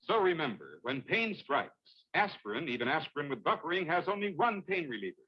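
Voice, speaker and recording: A man playing an announcer in a vintage TV commercial, delivering a hard-sell pitch with punchy emphasis. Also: very animated, brisk, breathy edge. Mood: emphatic. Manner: emphatic, punchy list-making. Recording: dull lo-fi old TV ad.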